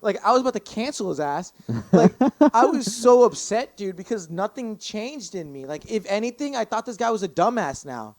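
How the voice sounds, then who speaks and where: A man's voice: sits high, normal speed, no room sound. A young man, a podcast guest, telling a long rambling story in casual chat, swearing constantly and stacking fillers. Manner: profane, rambling and animated, many fillers.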